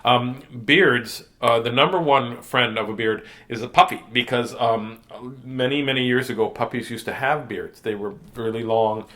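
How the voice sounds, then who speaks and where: A man's voice: mid-range voice, normal speed, hardly any pauses, pushed and bright. A man hosting a children's storytime, reading picture books and chatting in a playful, silly, joking way. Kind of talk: storytime reading and rambling chat.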